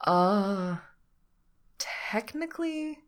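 A woman's voice: mid-range voice, animated, very slow, pitched above the performer's own voice. A woman voicing a flustered, earnest young man who bakes for a living, speaking emphatically. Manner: emphatic, apologetic.

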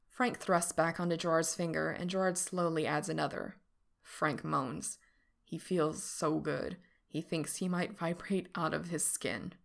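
A woman reading fiction aloud in a steady, unhurried narration. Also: deep voice, vocal fry. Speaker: reader.

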